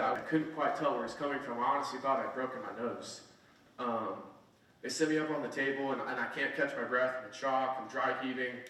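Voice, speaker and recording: A young man in his twenties speaks to a conference audience in a casual, earnest storytelling manner, tossing in "right?" as he goes. His mid-pitched voice sounds far from the microphone, carried by a big, echoing hall. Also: pushed and bright. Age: 20s. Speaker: keynote speaker.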